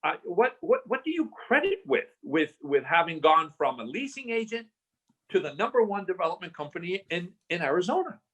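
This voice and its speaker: A man's voice: high-pitched, big pitch swings, a little fast, fairly bright tone, husky. An older man guest from Southern California telling a story in a podcast interview, acting out the voices he quotes and restarting his phrases often.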